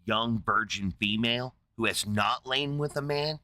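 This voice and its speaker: A man voicing a furious, bossy male prophet giving orders in a menacing low drawl. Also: unhurried, sharp tone, no echo.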